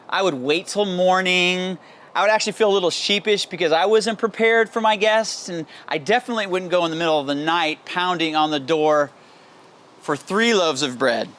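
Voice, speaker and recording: A man's voice: high voice, pushed and bright. A male pastor giving a daily devotional sermon in an earnest, candid and personal way, with pleading, emphatic repetition.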